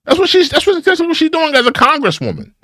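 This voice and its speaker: A male host delivers pointed, critical commentary in a bright, high voice. His delivery is animated, and he repeats phrases to drive each point home. The sound is close and dry. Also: quick pace, no echo. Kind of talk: opinionated commentary on clips.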